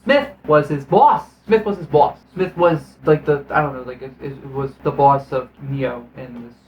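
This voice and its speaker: A man's voice: mid-range voice, steady tone, moderate pace, reverberant, highs cut off, a little hiss or hum. A man giving a casual film review in a profane, sarcastic, exasperated rant. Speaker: movie reviewer.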